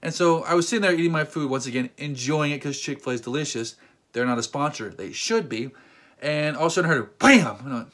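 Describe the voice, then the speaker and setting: A man's voice: medium pitch, quick pace. A man in his thirties telling a story in a casual vlog, joking and acting out voices. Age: 30s. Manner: animated, acts out voices, joking rants. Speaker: vlogger.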